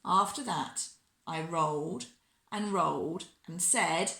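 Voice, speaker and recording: A woman reading a children's picture book aloud in a warm, expressive storyteller manner. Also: on the low side, slow, creaky, roomy sound.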